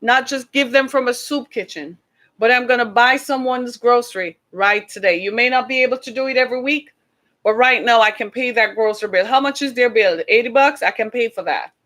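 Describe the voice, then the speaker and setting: A woman hosting an online show talks passionately to her viewers in a slightly fast, somewhat bright, higher-pitched voice. Her livestream talk is earnest and preachy, repeatedly urging the audience to listen.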